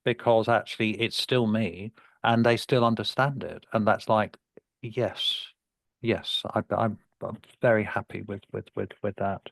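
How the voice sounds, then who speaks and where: A man's voice: lowish voice, steady tone, unhurried, creaky, no room sound. A man with a South London accent, chatting in a webinar over a video call and often repeating words as he starts. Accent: South London English. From London, England. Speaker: co-presenter, speech therapist. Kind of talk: webinar discussion.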